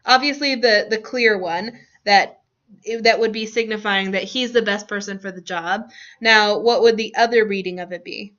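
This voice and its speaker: Bright-voiced woman teaching a class. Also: mid-range voice, moderate pace. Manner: laughs often, friendly questioning. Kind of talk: classroom lesson on grammar. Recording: dull lo-fi classroom recording.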